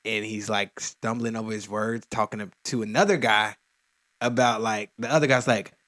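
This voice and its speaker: A man's voice: fairly low pitch, fairly even intonation, normal speed, a bit bright. A man co-hosting a music reaction video, chatting casually and animatedly, sometimes slipping into playful impressions while retelling things.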